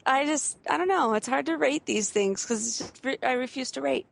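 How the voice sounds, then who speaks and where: A woman's voice: high voice, normal speed, vocal fry. A woman co-hosting a podcast, giggly and laughing as she chats. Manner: giggly, laughing between words. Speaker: podcast co-host. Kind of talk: casual podcast chat.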